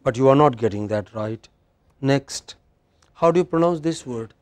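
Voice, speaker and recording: A man teaching English pronunciation in a university classroom with an Indian English accent, correcting students and slowly repeating words for them to copy. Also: mid-range voice, expressive, a little mellow.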